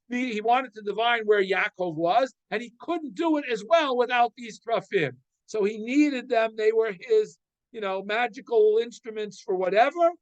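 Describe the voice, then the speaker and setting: A man's voice: sits high, fairly bright tone, no echo, poor audio. A man giving a weekly Torah class, translating Hebrew verses line by line and explaining them. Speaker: Torah teacher.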